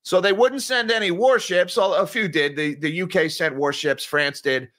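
Guy doing sarcastic finance news, bright forceful voice, kinda high. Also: normal speed. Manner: sarcastic, informal, addresses viewers as guys. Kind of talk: sarcastic market news commentary.

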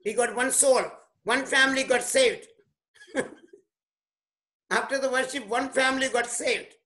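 A man pastor preaching a sermon emphatically, breaking in to comment on the scripture reading and sometimes shouting. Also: extremely high pitch, steady tone, unhurried. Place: church.

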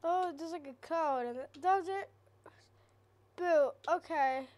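A woman's voice: very high-pitched, slow, darkish tone. A woman hosting a gaming channel, giving nervous, chatty let's-play commentary on a horror game and talking to her viewers.

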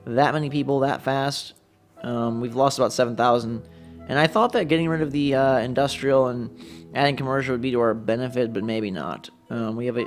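Man rambling over gameplay. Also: medium pitch. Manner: rambling, thinking aloud, self-doubting; talks to the viewers. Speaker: let's play commentator. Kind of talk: casual gameplay commentary.

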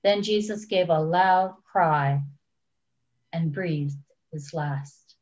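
A woman church leader giving a solemn, measured scripture reading. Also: fairly low pitch, darkish tone. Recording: dull lo-fi recording.

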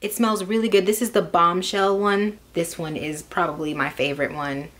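A woman's voice: fairly low pitch, fairly even intonation, normal speed, a bit bright. A young woman vlogging casually, rambling and chatty with lots of fillers as she goes through things. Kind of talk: casual chat.

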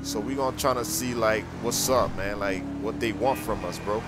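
A young man talking in loud, slang-heavy street talk while role-playing a character in a video game. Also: on the low side, moderate pace, very noisy. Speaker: gaming YouTuber playing a character. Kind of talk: role-play gameplay commentary.

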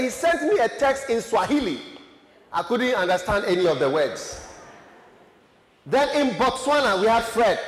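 A man preaching a sermon, reading out names and places with chatty asides. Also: very high voice. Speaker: pastor. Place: large church hall. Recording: echoey church hall reverb.

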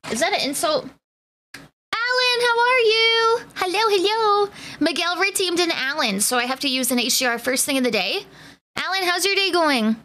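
A woman's voice: sits high, a bit bright, a little hiss or hum. A woman streamer chatting casually with her live viewers, greeting them by name in playful slang. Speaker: Twitch streamer.

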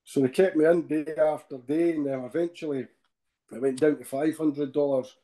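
A Scottish man speaks as a podcast guest in a soft, mellow voice pitched a little high. He tells his story with feeling, halting and restarting, and tags his sentences with "eh?". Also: steady tone. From Scotland. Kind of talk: personal account in a podcast interview.

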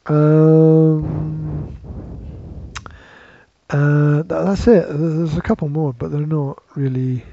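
A man's voice: on the high side, steady tone, takes it slowly, long pauses, muffled recording, slight background noise. A man hosting a casual live show, playfully reciting movie quotes for a guessing game. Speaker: host.

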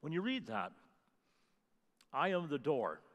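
A man's voice: on the high side, big pitch swings, measured pace, a bit bright, big-room sound. A man preaching a sermon as pastor, emphatic, repeating key phrases and stressing single words for weight. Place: church sanctuary.

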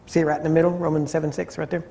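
Male Bible teacher, conversational, warm low-edged tone, slightly high pitch, throat-clearing habit. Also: flat delivery, very fast. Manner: conversational, repeats phrases for emphasis, clears throat often. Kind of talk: teaching session on scripture.

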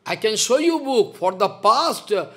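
An older spiritual teacher gives a devotional lecture, scolding impassionedly and repeating rhetorical questions. His sing-song voice sits high, a bit bright, and he takes his time.

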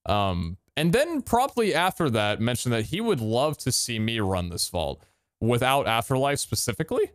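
A young man chatting while gaming with friends, with a dry, deadpan humor and mock-formal phrasing. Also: medium pitch, normal speed, no room sound. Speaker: gamer. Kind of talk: casual gaming chat.

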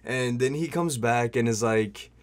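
A man's voice: mid-range voice, measured pace. A young man telling a story in a casual vlog, rambling and slangy, full of "like" and "bro", swearing freely.

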